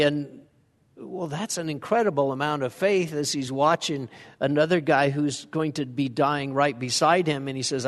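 Male pastor, slightly higher-pitched voice, chatty sermon delivery, long church reverb. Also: normal speed. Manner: conversational, asks the congregation questions. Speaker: preacher. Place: church sanctuary.

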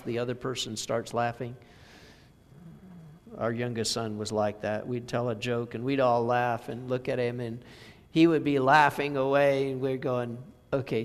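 A man preaching a sermon, reading scripture and telling stories in a slow, measured way. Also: mid-range voice, big-room sound. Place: church sanctuary.

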